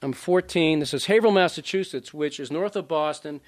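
Author type, male, sixties, from Louisiana; conversational reading voice, slightly high-pitched, dry close sound. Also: brisk, no room sound. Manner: conversational, digressive, animated asides to the audience. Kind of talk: casual talk and book reading.

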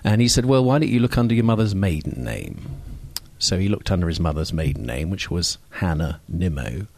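A man's voice: low voice, big pitch swings, brisk, gravelly, a little mellow, dry recording. Wry older man with received pronunciation. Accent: received pronunciation English. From Scotland. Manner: wry, digressive, self-mocking with many fillers. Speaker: speaker telling a personal story. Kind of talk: storytelling talk. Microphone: microphone on stage.

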